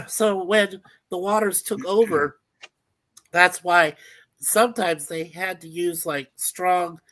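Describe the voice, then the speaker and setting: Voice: medium pitch, slow, a bit bright. Chatty voice in casual chat.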